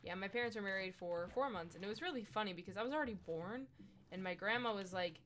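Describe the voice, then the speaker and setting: A woman's voice: medium pitch, lively intonation, fast, a bit bright, slight background noise. A young woman from the US Midwest chatting casually on a gaming live stream, rambling through stories and talking to game animals as she plays.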